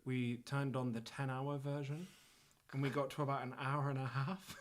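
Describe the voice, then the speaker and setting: A man's voice: medium pitch, steady tone, moderate pace, very noisy. A man hosting a casual livestream concert from a living room, joking and rambling as he signs off. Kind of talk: casual chat. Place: living room music space.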